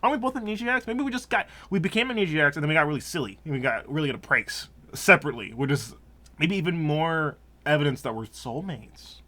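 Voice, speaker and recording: A man with a fairly high-pitched, expressive, sharp-toned voice does let's play commentary. He rambles and jokes as he plays, laughing often.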